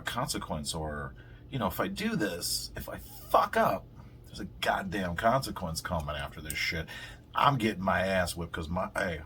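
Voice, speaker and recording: A low-voiced man hosts his podcast in a loose, rambling rant. He swears constantly and drifts off topic. A faint hiss sits under his voice. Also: fairly bright tone. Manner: rambling, heavy swearing, quick laughs. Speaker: podcast host. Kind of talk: casual profane rant.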